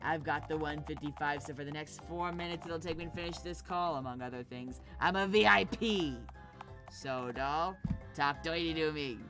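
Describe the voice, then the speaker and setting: Woman doing a sleazy loud male mugger. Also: low-pitched, steady tone, fairly quick, few pauses, close to an everyday voice. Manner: crude, swaggering, loud. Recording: game music behind.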